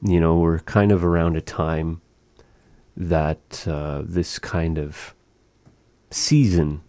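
Slow, deep-voiced man teaching words. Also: steady tone, warm tone, no echo. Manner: slow, patient, repeating words for practice. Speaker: language teacher. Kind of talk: language lesson.

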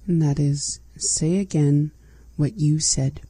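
A woman co-hosting a language lesson, calmly introducing and repeating phrases. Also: sits low, slow, husky, dry recording. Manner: calm, steady, repeats phrases. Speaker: lesson co-host.

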